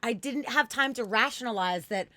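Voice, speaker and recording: A bright-voiced young woman chatting casually as a podcast host. She tells stories with big swings in loudness, jumping from near-shouts down to quiet murmurs, and swears freely. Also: a little high, moderate pace, no room sound. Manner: animated storytelling, swearing, voice swinging from loud to quiet.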